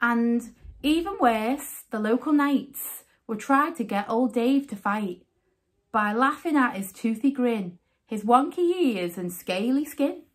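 A woman reading a rhyming children's picture book aloud as a storyteller, with an expressive, sing-song delivery. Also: a little high, takes it slowly.

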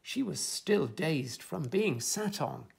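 A man reading a children's picture book aloud as storyteller, gentle and expressive. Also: a little high, slow, vocal fry, slight background noise.

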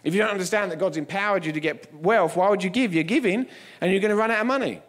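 High-voiced male preacher, emphatic. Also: fast talker. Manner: humorous storytelling, emphatic. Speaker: guest preacher. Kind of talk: sermon.

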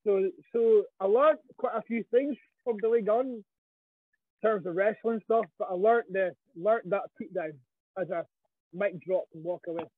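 A man with a Scottish accent telling stories as a guest in a casual interview, animated and swearing freely. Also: high-pitched, measured pace, no room sound. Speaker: wrestling guest. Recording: tinny phone-like line.

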